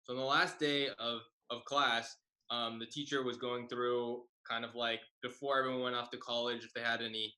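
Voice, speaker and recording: A man's voice: mid-range voice, little pitch movement, moderate pace, bright, forceful tone, poor audio. A man comedian telling a rambling story over a video call, with lots of fillers.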